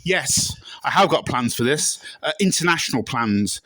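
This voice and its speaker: A man answering questions in a deadpan comic interview, breaking into loud shrieking impressions. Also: medium pitch, normal speed, no echo, rough recording. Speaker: interviewee in a comedy sketch.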